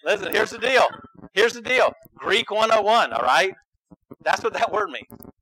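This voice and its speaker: A male pastor delivers a sermon in a high, bright voice. He talks in a conversational, emphatic way, pressing his points and checking in with his listeners again and again. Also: animated, normal speed, husky, rough recording.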